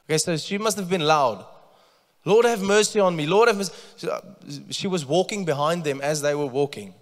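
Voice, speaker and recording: Male pastor, conversational sermon, slightly high voice, reverberant hall. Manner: conversational, repeats words when starting sentences. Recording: long church reverb.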